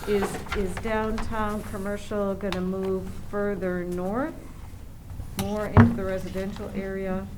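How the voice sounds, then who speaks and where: A woman's voice: mid-range voice, little pitch movement, measured pace. A woman on a city commission, asking questions politely and apologetically during a public meeting. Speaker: commission member. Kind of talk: meeting discussion. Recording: noisy meeting room recording.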